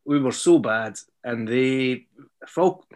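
A man appearing as a guest on a football podcast, giving a measured, hesitant account of a match. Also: mid-range voice. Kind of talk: casual podcast chat.

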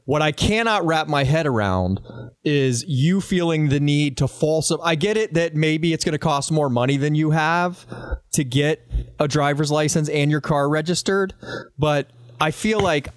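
A man co-hosting a casual podcast, arguing his point with wisecracks. His voice sits a little high. The sound is dry and close. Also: moderate pace, no echo. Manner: argumentative, wisecracking. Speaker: podcast co-host. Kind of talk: casual chat.

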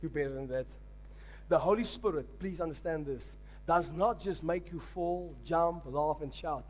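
A man's voice: a little high, unhurried, darkish tone. A man, a pastor, preaching a sermon emphatically and calling on the congregation to respond.

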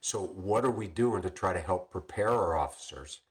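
An older man, a retired police captain, telling stories in a podcast interview with many restarts and frequent throat clearing. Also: low-pitched, animated, moderate pace.

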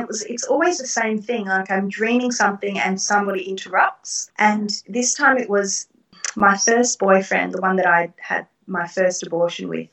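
A middle-aged woman recounts personal experiences in an interview, earnest and reflective, with soft laughs. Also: mid-range voice. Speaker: guest. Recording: roomy, distant from the mic.

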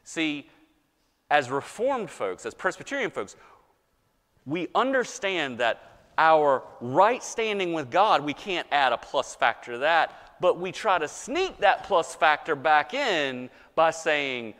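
Man, pastor, slow deliberate sermon, lively swinging delivery, long church reverb. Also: fairly high pitch. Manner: animated preaching, mock-voicing objectors, swinging loud and soft.

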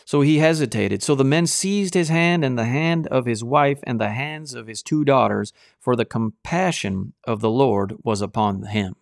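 A man's voice: medium pitch, normal speed, creaky, few pauses, dry recording, studio quality. A man preaching a sermon in a fiery, insistent, exhorting manner.

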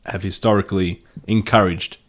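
A man's voice: deep voice, fairly even intonation, normal speed. A man co-hosting a casual sports podcast, throwing in dry, teasing asides. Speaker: podcast co-host.

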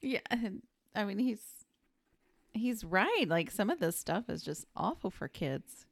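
A woman chats on a movie podcast with quick reactions and frequent laughs. Her voice has some vocal fry and swings widely in pitch. The recording is dry and close. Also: very animated, no echo. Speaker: podcast co-host. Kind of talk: casual movie podcast chat.

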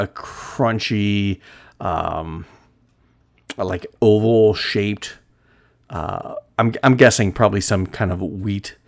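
A middle-aged man with a fairly low voice talks on his own in a relaxed, meandering way. He fills his pauses, restarts his sentences and chuckles often as he goes. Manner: rambling, many fillers and restarts, chuckles often. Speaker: podcast host. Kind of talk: casual monologue.

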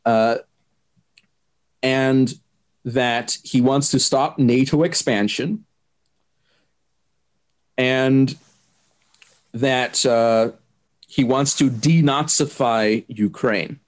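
A man answering interview questions, laying out his view in a careful, measured way and pausing often with hesitant fillers. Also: mid-range voice. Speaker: interviewee explaining politics. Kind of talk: unscripted explanatory interview.

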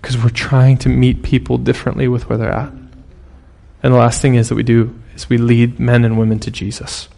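A man in his thirties delivers a sermon with a gravelly, fry-tinged voice at an everyday middle pitch. He talks casually and tells stories, then jumps up in force on the lines he wants to land. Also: monotone, fairly quick, dark tone. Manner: conversational, storytelling preacher with sudden bursts of emphasis. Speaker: pastor.

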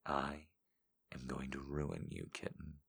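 A man putting on a low, soft, seductive voice as a dominant lover, reading short lines slowly in a near-murmur. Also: flat delivery, vocal fry, slightly rough, full character voice. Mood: sultry. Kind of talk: reading viewer quotes in a put-on voice.

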